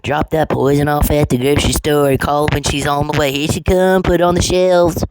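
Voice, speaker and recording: A woman's voice: low-pitched, steady tone, normal speed, a little mellow, voice pushed up. A woman mimicking scheming male plotters in a mocking, sing-song parody voice. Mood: sneering. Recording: noisy with clicks.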